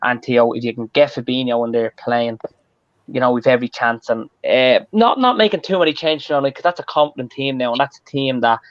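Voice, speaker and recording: A man's voice: medium pitch, fairly quick, no echo. Irish man, dull dry audio. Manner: rambling, loose, heavy on fillers. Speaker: football podcast pundit. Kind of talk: casual chat.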